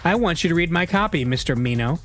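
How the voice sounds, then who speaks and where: A man voicing a cheerful, eager young woman reporter in a game read-through, talking high and bubbly. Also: lively intonation, quick pace, fairly bright tone, soft background music.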